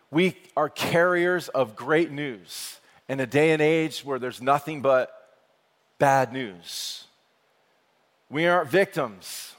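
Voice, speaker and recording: A man preaching a sermon with energetic call-and-response delivery. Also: medium pitch. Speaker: pastor. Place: church sanctuary. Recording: long hall reverb.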